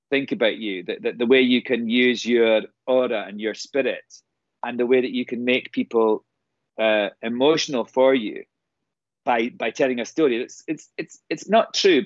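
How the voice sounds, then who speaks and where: A man's voice: medium pitch, dry recording, muffled recording. A man, a singer and performer, telling showbiz anecdotes in casual chat and quoting people in other voices.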